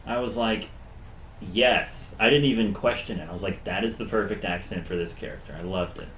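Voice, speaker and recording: A man who plays in a tabletop game, recalling the session in an animated, joking way. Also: fairly low pitch, a little fast, slight background noise. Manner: animated, joking, laughs often. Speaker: player. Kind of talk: casual recap of a tabletop game. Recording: roomy echo.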